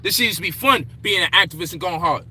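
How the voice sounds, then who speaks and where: A man's voice: high-pitched, fast, sharp tone, breathy edge. A man ranting in frustration, profane and emphatic, with faint background noise. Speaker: commentator. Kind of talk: frustrated personal rant.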